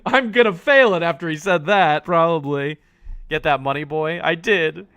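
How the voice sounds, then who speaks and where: A man live-streaming a game, excitable and swearing, joking at himself while reading the on-screen text aloud. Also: a little high, moderate pace, smooth.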